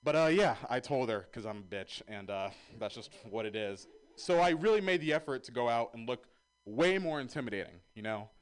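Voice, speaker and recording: Self-deprecating comic with a lively voice. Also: male voice, medium pitch, fairly quick, smooth. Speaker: stand-up comedian. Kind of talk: stand-up comedy set.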